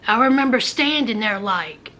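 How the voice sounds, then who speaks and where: A woman from rural Virginia tells a personal story in her vlog, dramatic and talking to viewers like friends, at times sinking to a whisper. Her voice is a little high, animated, and sharp, at a moderate pace.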